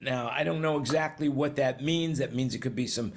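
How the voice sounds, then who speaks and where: A man's voice: mid-range voice, brisk. An older man from New York hosting a casual panel chat on current events over a video call, rambling and chatty with many restarts. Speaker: host.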